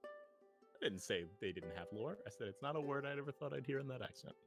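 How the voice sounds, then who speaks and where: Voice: medium pitch, expressive, brisk, soft background music. A tabletop role-play player teasing the others out of character, laughing often. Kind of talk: casual chat between players.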